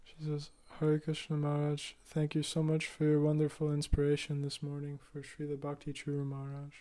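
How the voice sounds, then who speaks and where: Flat-voiced man reading out messages. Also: a little high, a little fast. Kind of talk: reading comments aloud.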